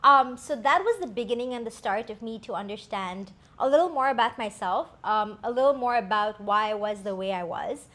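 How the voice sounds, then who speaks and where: Woman co-host, fairly high voice, candid and reflective, casual personal storytelling. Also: animated, a little fast, hardly any pauses, fairly bright tone. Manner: candid, reflective, many fillers.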